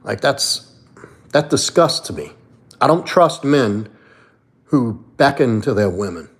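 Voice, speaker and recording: A man talks casually on a live stream, answering viewers' questions. He is blunt and opinionated, with frequent swearing. His voice sits at a middle pitch. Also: big pitch swings, slow. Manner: blunt, profane, reads and answers chat. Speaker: livestream host and coach. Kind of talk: casual livestream chat.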